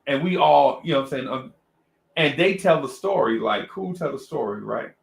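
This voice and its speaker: A man's voice: a little high, moderate pace, gravelly, echoey room. A man co-hosting a radio show, telling a story in casual slang and acting out other people's lines with animation. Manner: animated, slangy, acts out voices. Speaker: radio co-host. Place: radio studio.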